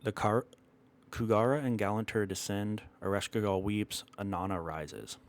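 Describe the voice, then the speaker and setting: A man telling an old myth in a measured, dramatic way, stopping now and then to correct himself. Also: fairly low pitch, fairly even intonation. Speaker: storyteller. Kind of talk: storytelling narration of a myth.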